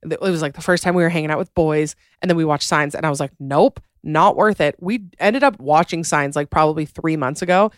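A woman's voice: deep voice, fast talker, few pauses, no echo. Giggly woman podcast host, dry sound. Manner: animated, giggly. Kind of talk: casual chat and reading listener stories. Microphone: podcast microphone.

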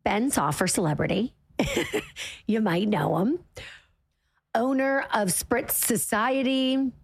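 A woman's voice: a little high, slow pace, gravelly, husky, no room sound. A woman hosting a podcast in casual chat, chatty and self-deprecating, peppering her talk with "like". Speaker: podcast host.

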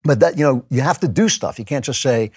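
A man with a slightly husky voice talks through his thoughts in a musing, conversational monologue. He often restarts his sentences, and his voice sits close and dry. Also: mid-range voice, animated, quick pace, darkish tone, dry recording. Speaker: podcast host. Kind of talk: reflective spoken monologue.

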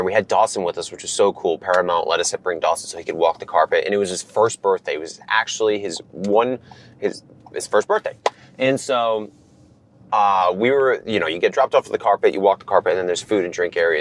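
A man in his thirties, animated, telling a long story in casual chat from a car and acting out the lines of others. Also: low voice, brisk. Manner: animated, acts out quotes from others. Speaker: guest.

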